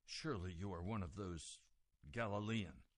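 Low-voiced male preacher, dry sound. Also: moderate pace, no echo. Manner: builds from quiet reading to loud, high-pitched emphasis. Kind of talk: sermon retelling scripture.

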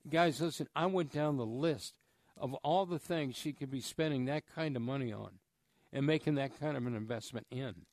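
A man's voice: medium pitch, normal speed, a little mellow, dry recording, clean studio sound. Earnest man making a radio fundraising appeal. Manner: earnest storytelling, preacher-like urging. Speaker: charity fundraiser guest on radio.

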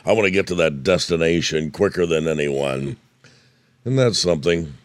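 A man's voice: low-pitched, normal speed, no echo. An older man from Indiana giving a folksy devotional talk, storytelling as he goes, with a voice that is wearing out. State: losing his voice. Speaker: radio preacher.

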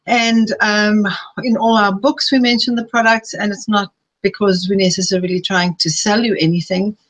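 A woman's voice: mid-range voice, little pitch movement, rough recording. Chatty middle-aged woman presenting a webinar. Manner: chatty, personal, builds rapid lists. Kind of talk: live webinar talk. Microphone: streaming live.

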